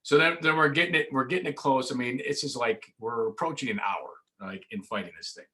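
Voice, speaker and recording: A man, a sports broadcaster guesting on a podcast from his home studio, telling lively stories and acting out the voices of the people in them. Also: mid-range voice, brisk. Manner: lively, acts out voices in anecdotes. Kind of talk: animated storytelling in casual chat.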